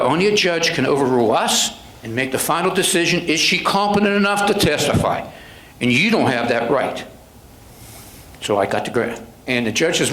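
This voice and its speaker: An older man, a police sergeant, talks to a club audience. He retells old exchanges with judges and attorneys, acting out each of their voices. His voice sits a little high, and the room gives it a clear echo. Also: a bit bright. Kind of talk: anecdotal storytelling talk. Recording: echoey room.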